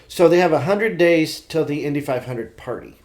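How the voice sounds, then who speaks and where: Animated storytelling man who sounds sick. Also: on the high side, moderate pace. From Indiana, USA. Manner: animated storyteller with frequent restarts. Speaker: podcast host. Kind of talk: casual chat.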